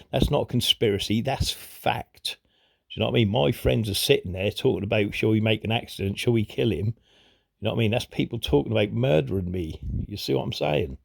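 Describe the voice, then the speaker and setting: A man's voice: fairly low pitch, creaky. A man ranting angrily to camera in a rambling, profane way, often repeating "you know what I mean", his voice strained with anger. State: voice strained when angry. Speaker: vlogger. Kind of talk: angry rant to camera.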